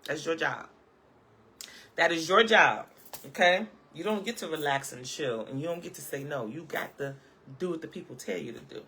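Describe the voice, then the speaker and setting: Woman vlogger, off-the-cuff live-chat commentary, sharp bright tone, sassy and emphatic. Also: deep voice, animated, normal speed, a little hiss or hum. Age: adult, parent of a school-age child. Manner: sassy, emphatic, punctuates points with "okay?" and laughs.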